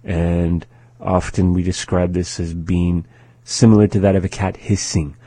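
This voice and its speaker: A man teaching a language lesson, saying each word twice, once at speed and once slowly, patiently and methodically. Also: sits low, level tone, mellow, husky. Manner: slow, patient, repeats words twice.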